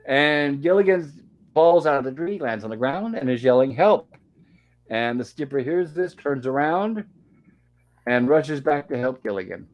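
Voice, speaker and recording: With lively intonation and a measured pace, this mid-range-voiced host leaves long pauses on his live-streamed show. He chats casually through an episode recap and reads lines aloud with minimal acting.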